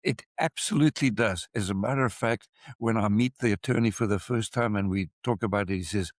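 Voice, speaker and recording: An older man with a South African accent, an expert witness talking in a measured, emphatic way and repeating points for stress. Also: on the low side, no room sound. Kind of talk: casual interview talk.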